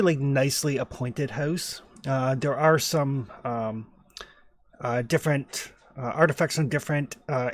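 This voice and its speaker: A man narrating as game master in a tabletop game, in a loose, rambling way with many fillers. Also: medium pitch.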